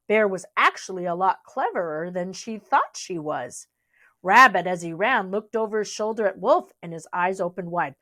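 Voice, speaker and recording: A woman's voice: medium pitch, fairly bright tone. A young adult woman reading a storybook aloud, with chatty asides to young listeners. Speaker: reader.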